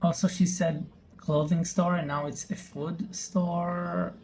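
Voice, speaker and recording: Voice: medium pitch, flat delivery, slow, darkish tone. Skeptical reaction host over a noisy background. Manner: skeptical, incredulous, thinking aloud. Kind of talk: reaction commentary.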